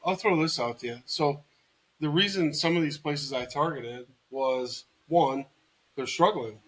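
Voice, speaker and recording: A man co-hosts a casual podcast in a voice pitched a little above the usual. He tells his stories plainly and matter-of-factly, dropping in dry jokes. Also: a little slow, fairly bright tone, breathy edge, poor audio.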